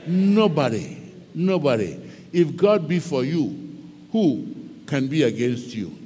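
A man preaches slowly and dramatically, his high voice rising and falling with wide swings. He tells his sermon as a story and slips between English and Twi. His voice rings with the long reverb of a large hall. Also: big pitch swings, dark tone, husky.

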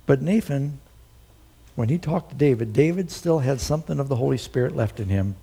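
Husky, mellow-voiced preacher man. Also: animated, brisk. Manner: dramatic, reads scripture aloud with big swings in pitch; conversational asides to the congregation. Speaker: pastor. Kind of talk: sermon.

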